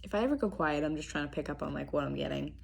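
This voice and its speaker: A young woman giving a casual tarot reading to camera. Her throat is strained and she talks in a chatty, relaxed way, clearing her throat often. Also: deep voice, rapid-fire, a little hiss or hum. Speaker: tarot reader. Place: apartment room indoors.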